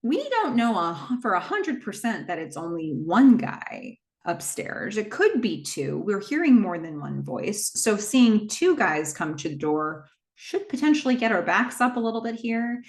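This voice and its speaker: A woman hosting a casual horror movie recap, retelling the plot in a chatty way with quick asides. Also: medium pitch, very animated.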